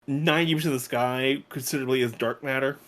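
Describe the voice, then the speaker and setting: A man's voice: medium pitch, fairly even intonation, fast. A man co-hosting a podcast in loose casual chat, rambling with many fillers and restarts. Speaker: podcast co-host.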